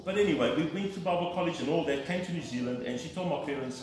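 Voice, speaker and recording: A man's voice: a little high, quick pace, darkish tone, recorded from a distance, slight background noise. Earnest man preaching in echoey hall. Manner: earnest, emphatic storytelling. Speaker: lay preacher giving testimony. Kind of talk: personal testimony from the pulpit.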